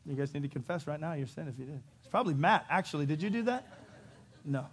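A middle-aged man, a pastor, preaching a sermon in an animated way, acting out quotes and breaking into sudden loud shouts. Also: on the high side, fast talker, slightly rough.

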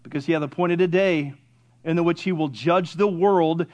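A man in his fifties preaching a fervent sermon as pastor, swinging between soft, low passages and loud, rising appeals. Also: normal speed, muffled recording. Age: 50s.

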